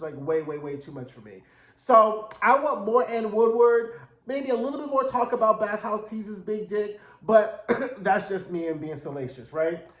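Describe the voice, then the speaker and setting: A man's voice: sits high, fairly bright tone, reverberant. A man giving a casual, slangy recap of a TV episode, telling it with sass and drama. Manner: sassy, slangy, dramatic storytelling. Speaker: TV recap reviewer.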